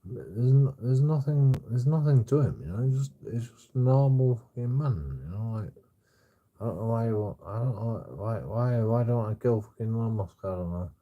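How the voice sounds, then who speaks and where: A man's voice: mid-range voice, lively intonation, normal speed, narrow, tinny audio. A man, a streamer, rants casually in a rambling, repetitive way and swears constantly. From England.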